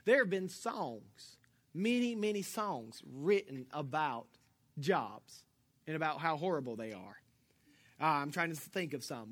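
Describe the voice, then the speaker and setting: High, bright-voiced joking preacher man. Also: a little slow. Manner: animated, joking, swings between loud and soft. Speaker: pastor. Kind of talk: sermon.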